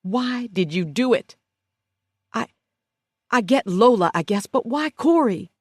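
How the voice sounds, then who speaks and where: A woman's voice: fairly high pitch, expressive, slow, breathy edge, no room sound, voice pushed up, full character voice. Woman reading an angry jailed young woman, raised and pleading, dry close sound.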